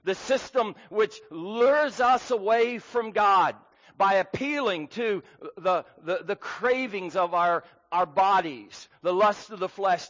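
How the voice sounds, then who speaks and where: A man's voice: sits high, a bit bright. A man preaching a sermon as pastor, earnest and emphatic, with frequent fillers. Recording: dull sound with long hall reverb.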